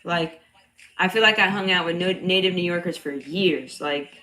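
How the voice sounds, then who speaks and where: Woman, young adult, slight Bronx accent, loud, a bit nasal, lowish voice, blunt, swears, laughs often, casual livestream chat. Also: moderate pace, rough recording. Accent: slight Bronx New York. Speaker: cycle coach.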